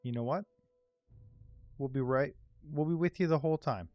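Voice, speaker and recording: A man's voice: medium pitch, moderate pace, lo-fi sound, faint music behind. A man playing a tabletop game, joking and reassuring in casual chat. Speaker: player.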